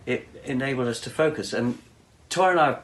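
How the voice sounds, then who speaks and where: A man's voice: medium pitch, a little fast. A middle-aged man, a musician guest, talking effusively and agreeably in casual conversation.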